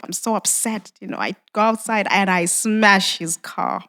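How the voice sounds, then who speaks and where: A woman's voice: mid-range voice, normal speed, few pauses, fairly bright tone. A woman guest on a podcast, telling a personal story with emotion and acting out dialogue, often saying "you know.".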